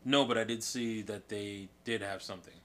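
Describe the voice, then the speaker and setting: A man's voice: fairly low pitch, fairly even intonation, moderate pace, a bit bright, slight background noise. A man co-hosting a casual chat, laid-back and agreeable. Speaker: podcast co-host.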